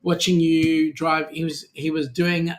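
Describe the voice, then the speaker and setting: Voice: medium pitch, flat delivery, a little slow. A co-host with an Australian accent, chatting casually on a live stream, reading out and joking about viewer comments. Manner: jokey, chatty, greets viewers by name.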